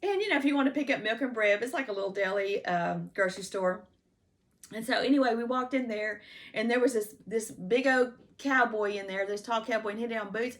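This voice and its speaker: A woman in her fifties with a slightly high voice tells her life story in a loose, meandering way. She fills her sentences with "you know," trips over restarts and stops to glance at her written notes. The talk is unscripted and homespun. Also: fairly bright tone. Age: 50s. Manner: rambling, heavy use of "you know" and restarts; checks written notes between stories. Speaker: personal storyteller. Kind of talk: casual life-story monologue.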